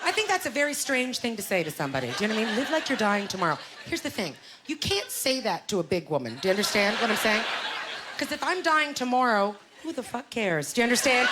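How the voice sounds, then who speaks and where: A middle-aged woman doing a stand-up comedy set on a club stage, with an animated, self-mocking delivery full of rhetorical questions. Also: on the high side, fast. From Canada. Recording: live club recording, loud crowd laughter and noise.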